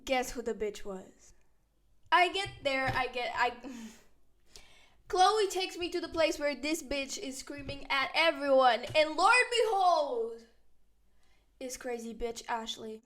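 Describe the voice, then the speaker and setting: A young woman with a high, bright voice tells a story-time tale to camera. She talks casually and bluntly, with plenty of swearing, and slips into quick impressions of the people in her story. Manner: brash, profane, animated retelling with quoted voices. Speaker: storyteller vlogger.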